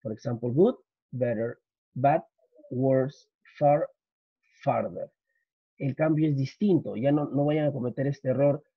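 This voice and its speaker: Husky man teaching English with a Spanish accent. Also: medium pitch, no room sound. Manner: explains slowly, repeats, switches into Spanish for students. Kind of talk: recorded grammar lesson. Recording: dull lo-fi.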